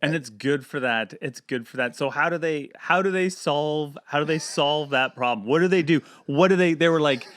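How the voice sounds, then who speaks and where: A man's voice: a little high, moderate pace, few pauses, a bit bright, no room sound, clean studio sound. A man co-hosting a casual movie podcast, joking around and mimicking his kids and movie characters. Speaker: podcast co-host. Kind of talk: casual movie-review chat.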